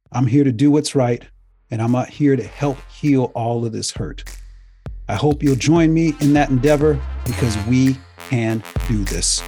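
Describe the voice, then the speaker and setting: A man giving an impassioned lecture-style talk to viewers, emphatic and repetitive, his voice getting hoarse. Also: medium pitch, mellow, no echo. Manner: emphatic, preachy, repeats himself. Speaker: speaker addressing viewers.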